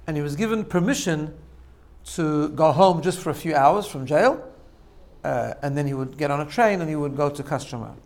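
Slightly high and somewhat dark in tone, this man's voice has lively intonation and a moderate pace. He is a religious teacher giving a loose, informal sermon full of stories, repeatedly asking "right?" and laughing at his own jokes.

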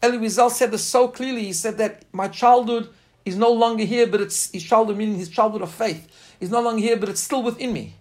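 A man's voice: high-pitched, steady tone, fairly quick. A man giving an informal class on faith, speaking earnestly and emphatically and weaving in personal stories. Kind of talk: informal spoken class lecture with personal anecdotes.

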